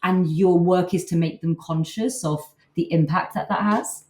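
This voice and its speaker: A woman's voice: fairly low pitch, fairly even intonation, moderate pace, a little mellow. Chatty woman host in an echoey room. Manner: chatty, thinking aloud. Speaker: podcast host. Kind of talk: interview questions. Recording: echoey room, distant mic.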